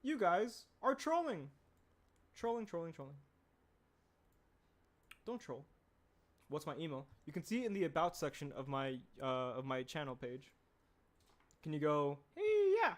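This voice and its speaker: A young man chatting casually on a livestream while he animates, rambling and reading chat aloud, clearing a throat that keeps tickling. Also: fairly high pitch, expressive, unhurried, long pauses. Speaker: animator streaming his work.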